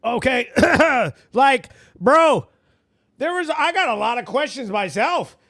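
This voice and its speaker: A man with a very high, bright, sharp voice hosting a local news recap. He talks in loose, swearing commentary and calls the viewer bro. The sound is dry and close, with no room echo. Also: big pitch swings, takes it slowly. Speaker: news show host. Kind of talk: casual profane recap commentary.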